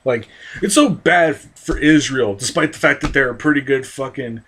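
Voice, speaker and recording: A man's voice: mid-range voice, moderate pace, a bit bright, slight background noise. A man from the United States, ranting with constant profanity and reading an article aloud between angry, rambling tangents full of restarts. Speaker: video commentator.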